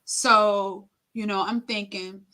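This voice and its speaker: Here a middle-aged woman, interviewed as a guest, stumbles through a moving personal account with many fillers and quoted lines she performs. Her mid-range voice stays fairly even in intonation and comes across pushed and bright.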